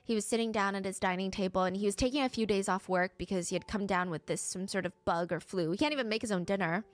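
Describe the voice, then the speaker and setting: A woman's voice: medium pitch, fast, dry recording. A woman narrating a true crime case in a vivid storytelling manner, acting out the people involved.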